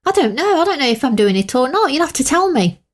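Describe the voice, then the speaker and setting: A woman's voice: sits high, sing-song, quick pace. A woman from England co-hosting a podcast, telling stories in a chatty, casual way. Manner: chatty, storytelling. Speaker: podcast co-host. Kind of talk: casual chat.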